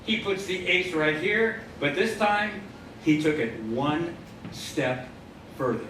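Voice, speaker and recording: A stage magician spins a wry, pun-filled story for a live audience. His voice sits high for a man and carries a playful, knowing edge. It is heard from a distance across an echoing theater, with a crowded house murmuring behind him. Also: takes it slowly, a bit bright, a little hiss or hum. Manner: punning, wry storyteller who plays to the audience. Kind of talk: comic storytelling patter during a magic act.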